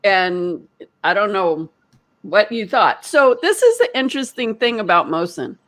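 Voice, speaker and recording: A woman, a retreat leader, telling a story in casual chat with animated, laughing delivery. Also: unhurried. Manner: animated, laughing, quoting others in high voices. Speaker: energy healer and retreat leader.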